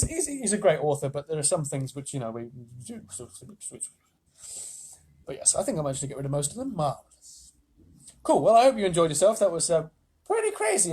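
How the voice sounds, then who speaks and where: Expressive male storyteller reading aloud for kids, slightly raspy tone, chatty asides. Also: fairly high pitch. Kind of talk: reading a children's book aloud on a live stream.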